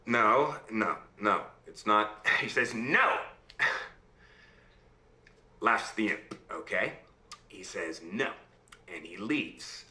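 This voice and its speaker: A man telling a fairy tale aloud in an animated way, often checking in with his listener. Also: lowish voice, extremely slow, pauses often, full character voice. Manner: animated, checks in with "right?" and "okay?". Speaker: storyteller. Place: room on a video call. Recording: roomy room sound.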